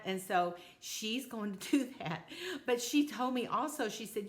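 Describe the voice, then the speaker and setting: An older woman telling a children's story, animated and sing-song, talking straight to the kids. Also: on the high side, normal speed.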